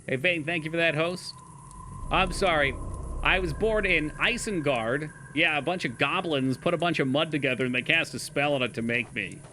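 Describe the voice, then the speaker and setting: A man's voice: a little high, brisk, sharp tone, a little hiss or hum. A young man streaming a game live, chatting casually with his chat, swearing and laughing often.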